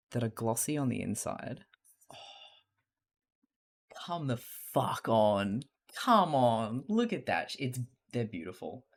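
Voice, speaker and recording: A live streamer chatting casually to viewers while crafting, excitable, swearing freely and laughing often, sometimes trailing off into quiet mutters. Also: medium pitch.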